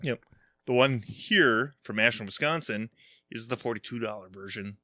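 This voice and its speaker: A man's voice: medium pitch, moderate pace, pushed and bright, dry recording. A man guest in a casual chat, answering in short, matter-of-fact replies. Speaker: guest whiskey collector.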